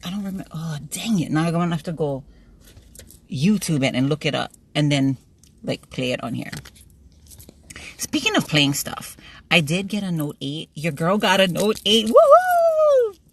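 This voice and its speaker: A woman's voice: sits low, expressive, moderate pace, long pauses, husky. A middle-aged woman, chatting to her phone camera from a parked car. She laughs often and tells playful stories. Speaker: vlogger. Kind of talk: casual chat to camera.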